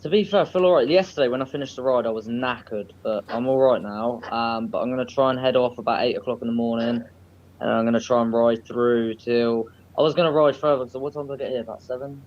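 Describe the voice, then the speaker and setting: A man's voice: mid-range voice, fast, darkish tone. Upbeat man on slightly dull call audio. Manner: upbeat, friendly slang. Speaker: guest. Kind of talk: casual chat on a call.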